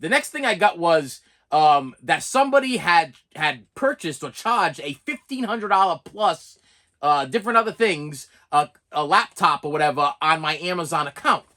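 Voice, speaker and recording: A man's voice: fairly high pitch, animated, normal speed, sharp tone. A man telling a story as a vlogger's storytime rant, exasperated and repetitive, tagging "okay?" onto his sentences.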